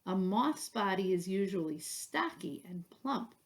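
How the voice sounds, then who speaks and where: A woman's voice: medium pitch, expressive, unhurried, lightly acted. A woman reading a storybook, voicing a sleepy, blunt butterfly who explains things patiently. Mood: explaining.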